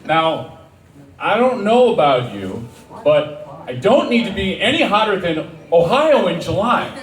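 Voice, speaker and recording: A middle-aged man doing a stand-up set in a small dive bar, talking in a rambling, self-deprecating way with halting restarts. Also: sits high, big pitch swings, distant mic. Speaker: stand-up comedian. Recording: roomy bar sound from off-mic with audience. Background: crowd laughter.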